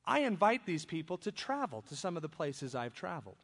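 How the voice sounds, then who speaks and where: A man preaching a sermon, reading scripture aloud and then breaking into lively, conversational asides. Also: a little high, fairly quick. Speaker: pastor. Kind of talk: expository sermon. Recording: long reverb of a large hall.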